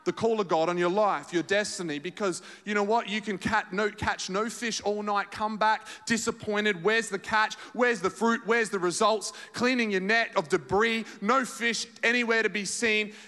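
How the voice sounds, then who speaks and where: A man preaching a sermon as pastor, animated storytelling to his congregation in a large auditorium. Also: sits high, normal speed, hardly any pauses. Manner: animated storytelling preacher, acts out quoted voices. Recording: reverberant hall.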